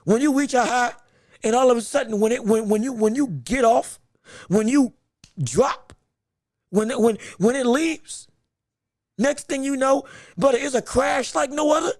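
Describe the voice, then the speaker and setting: A man hosting a boxing podcast, chatting casually with his audience in an excitable, animated way, laughing often and repeating himself as he talks. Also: very high-pitched, a little slow, pauses often, no echo. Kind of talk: casual live-stream chat.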